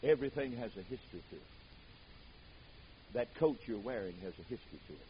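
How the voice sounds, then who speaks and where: An older man preaching a sermon, telling stories dramatically, booming out some words and dropping others to a hush. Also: animated, fast talker, muffled recording, slight background noise. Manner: dramatic storytelling, swings from booming to hushed.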